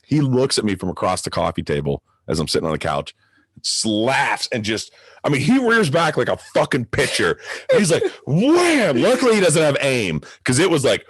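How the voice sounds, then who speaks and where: A man co-hosting a podcast, chatting in a laid-back way, laughing easily and breaking into loud exclamations. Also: mid-range voice, very animated, a little fast, husky, no echo. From Pittsburgh, USA. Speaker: podcast co-host. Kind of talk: casual chat.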